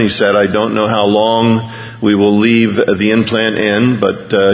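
A man preaching a conversational sermon, earnestly reading news items aloud to his congregation. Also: lowish voice. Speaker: pastor. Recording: lo-fi recording with long hall reverb.

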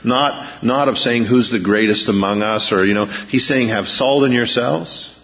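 A mid-pitched male pastor delivers an emphatic sermon, slowing down for scripture and pushing hard on his main points. His voice rings with a long hall reverb. The recording is muffled and lo-fi.

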